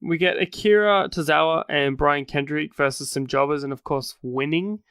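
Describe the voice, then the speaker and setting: A man's voice: on the high side, normal speed, fairly bright tone, clear, resonant tone, no echo, studio quality. A man with an Australian accent co-hosting a podcast, recapping in a casual, rambling way and correcting himself as he goes. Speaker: podcast co-host. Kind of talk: casual wrestling recap chat.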